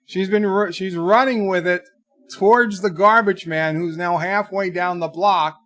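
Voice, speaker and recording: A man's voice: high-pitched, a little slow, a bit bright, no room sound. A man chatting casually on his live stream at home, telling a rambling story and reading chat messages aloud. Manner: rambling storyteller, many restarts.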